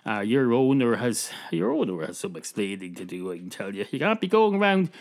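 An Irish man hosting a podcast, telling a rambling comic story full of swearing and deadpan asides. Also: fairly low pitch, fairly quick. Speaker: podcast host.

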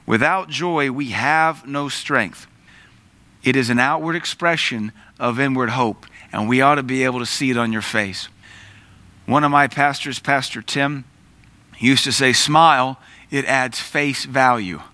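A man preaching a conversational sermon, pausing to search for words and telling stories on himself. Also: medium pitch, sharp tone, no echo. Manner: conversational preaching with asides and self-corrections. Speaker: pastor.

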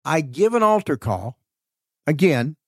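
A man who preaches, telling a story in a casual interview and acting out the dialogue with lively rises in his voice. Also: a little high, measured pace, no room sound. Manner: animated storyteller, acts out quoted dialogue. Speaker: preacher and author guest.

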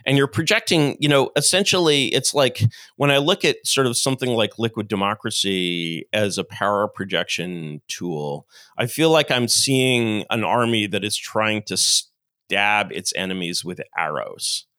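Lower-voiced man lecturing in dry sound. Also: measured pace, no room sound. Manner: animated lecturing with playacted quotes. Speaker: podcast guest. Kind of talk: long-form interview monologue.

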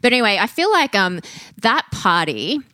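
A woman's voice: medium pitch, sing-song, normal speed, pushed and bright, no echo, studio quality. A woman, hosting a podcast in an upbeat, chatty way and laughing often. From Australia. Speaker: podcast host and coach. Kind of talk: casual interview chat.

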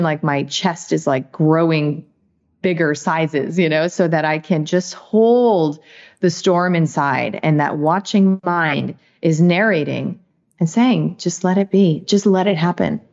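A woman's voice: on the low side, a little slow, darkish tone, dull audio. A woman speaking as an interview guest, talking in an earnest, reflective way with many "you know"s and "right"s. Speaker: guest, author. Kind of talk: casual interview talk.

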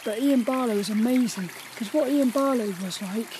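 A vlogger with an English accent chatting quietly and rambling while walking by a river in the woods. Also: mid-range voice, moderate pace, background noise. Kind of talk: casual walk-and-talk vlog. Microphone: camera carried while walking.

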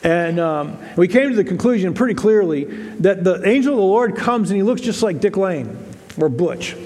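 A pastor with a high, light voice preaches in an easy, talky way to his congregation. He repeats himself, restarts phrases and slips into voices for the people he quotes. The sound carries a long reverb from the church sanctuary. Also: animated, normal speed, a little mellow. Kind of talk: sermon. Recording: reverberant hall.

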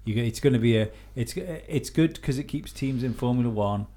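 A man's voice: mid-range voice, fairly quick, mellow. Blunt dry-humoured man. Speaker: podcast co-host. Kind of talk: casual chat.

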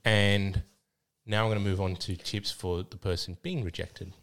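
A man's voice: low-pitched, steady tone, normal speed. A man co-hosting a casual podcast chat, laughing easily and telling stories. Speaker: co-host.

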